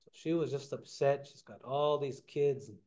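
Guy telling an old story during a talk, chill and chatty, average pitch, kinda muffled audio. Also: moderate pace. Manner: relaxed, conversational, acts out the characters. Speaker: guest speaker. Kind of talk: oral storytelling in a lecture.

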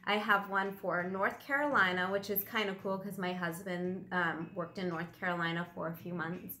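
Chatty woman with a bright voice. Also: fairly low pitch, fairly even intonation, normal speed. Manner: chatty, rambling, easily amused. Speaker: vlogger. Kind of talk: casual chat while unboxing. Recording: roomy echo, faint music behind.

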